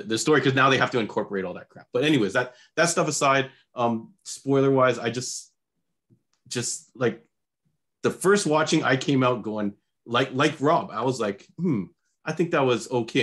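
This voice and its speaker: A man's voice: medium pitch, a little fast, a bit bright. A man co-hosting a podcast, chatting casually in a rambling, hesitant way. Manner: rambling, hesitant, lots of restarts. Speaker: podcast co-host. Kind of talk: casual chat.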